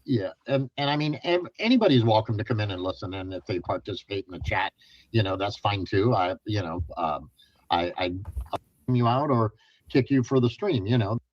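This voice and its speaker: A male livestream host talks in a halting way, full of fillers and restarts. The audio is dull and lo-fi. The sound is dry and close. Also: on the low side, expressive, no echo. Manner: hesitant, halting, many fillers. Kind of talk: casual livestream talk.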